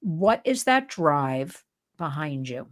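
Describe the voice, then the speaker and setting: An older woman from New Jersey hosting an interview show, talking in an excited, emphatic, chatty way. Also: low voice, slow. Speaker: host.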